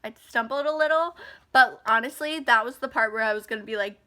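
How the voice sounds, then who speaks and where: Her voice fairly high and sharp, a woman in her twenties speaks fairly quickly to the camera in a personal vlog. She is upset and angry, ranting while close to tears.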